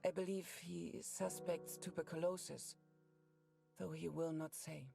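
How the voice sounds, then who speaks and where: A worried wife reading her letter, soft piano behind. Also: fairly low pitch, fairly even intonation, measured pace, creaky. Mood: tender worried. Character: loving wife writing to her husband at war. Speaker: game character reading a letter. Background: piano music.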